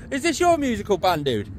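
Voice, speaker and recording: Man, van-life vlogger, chatty and playful, high lively voice, windy outdoor noise. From United Kingdom. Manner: chatty, talks to cows and laughs. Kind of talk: casual vlog commentary. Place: outdoors by a van in wind and farm field.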